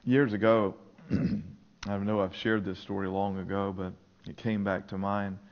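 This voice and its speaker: Slow, earnest preacher with a dull lo-fi sound. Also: male voice, on the low side, flat delivery. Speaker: pastor. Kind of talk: sermon. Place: church. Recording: dull lo-fi sermon recording.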